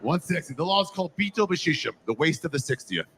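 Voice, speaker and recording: A young man doing a stand-up comedy set, telling a story with lively crowd work and swearing, recorded live on stage. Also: a little high, quick pace, heavy background noise.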